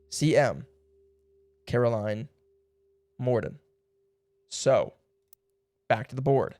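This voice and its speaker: A man's voice: medium pitch, lively intonation, slow, long pauses, darkish tone, no room sound, faint music behind. A young man streaming a puzzle game, thinking aloud in a rambling way and laughing now and then. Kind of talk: casual puzzle game livestream.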